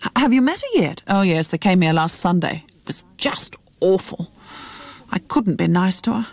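A woman's voice: lowish voice, big pitch swings, normal speed, a little mellow, dry recording. Woman doing a weary, bitter widowed mother.

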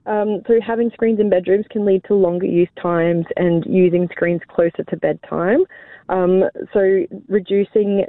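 A woman's voice: lowish voice, fairly even intonation, a little slow, dry recording. A woman researcher talking on a phone interview, chatty with frequent ums and small laughs. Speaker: sleep researcher guest. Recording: tinny phone line, dry.

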